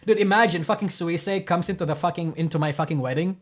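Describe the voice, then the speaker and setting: A man's voice: on the high side, fast talker. A man casually commenting as a streamer reacting to clips, profane, rambling and self-deprecating.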